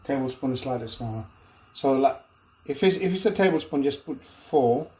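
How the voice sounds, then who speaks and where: In a mid-range, mellow and animated voice at a moderate pace, a middle-aged man from northwest Spain hosts a casual cooking show from his home kitchen. He rambles chattily, sprinkling in fillers and tag questions, while the echoey room picks up cooking noise.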